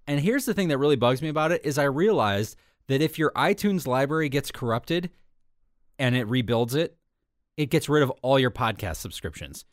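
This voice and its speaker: Chatty lively-voiced man, dry sound. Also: medium pitch, moderate pace, no echo. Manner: rambling, chatty, self-correcting. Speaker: podcast co-host. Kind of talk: casual tech podcast chat.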